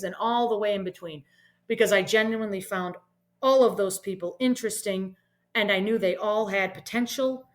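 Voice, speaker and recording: A middle-aged woman from Boston talks as an interview guest at a medium pitch. She is earnest and reflective, and she builds her points in long explanations that she keeps punctuating with "right?". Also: a bit bright. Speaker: podcast guest, leadership consultant. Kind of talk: casual interview talk.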